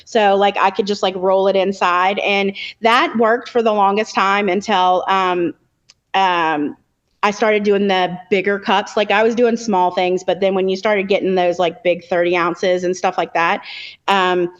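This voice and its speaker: A woman's voice: medium pitch, steady tone, a little slow, lo-fi sound. Chatty woman telling a long story. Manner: chatty storyteller, many ums and likes. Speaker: podcast guest. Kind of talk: casual chat.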